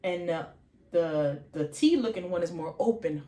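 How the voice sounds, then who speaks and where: A woman teaching vocabulary in an informal lesson, slowly sounding out letters and repeating each word many times, often correcting herself. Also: fairly low pitch, mellow, roomy sound. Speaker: faith channel host teaching vocabulary.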